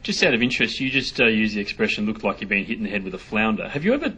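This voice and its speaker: A man's voice: lowish voice, very animated, very fast, sharp tone, husky. A male radio host asking questions in a casual interview, joking and chiming in.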